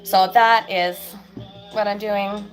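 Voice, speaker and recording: A woman with a cold-stuffed voice chats in a loose, rambling way to her viewers, pausing on ums and restarting her sentences. She talks from a small office in her shop. Faint country music plays in the background. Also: medium pitch, fairly even intonation. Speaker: fabricator and vlogger. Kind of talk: casual live chat to viewers. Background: faint country music playing.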